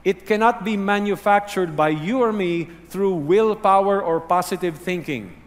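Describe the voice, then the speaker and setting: Earnest pastor preaching in a reverberant hall. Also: male voice, high-pitched, normal speed. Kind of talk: sermon.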